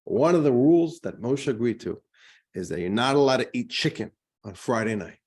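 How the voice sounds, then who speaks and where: A man's voice: mid-range voice, expressive, a little fast, a little mellow, husky. A man voicing a suspicious, indignant male Christian priest in a told joke, accusing and exasperated. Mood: scheming.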